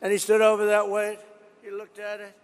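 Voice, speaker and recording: A man gives a rambling, boastful political rally speech, repeating himself and drifting off into stories. His high voice is monotone, clean, and fairly quick, echoing in a reverberant hall.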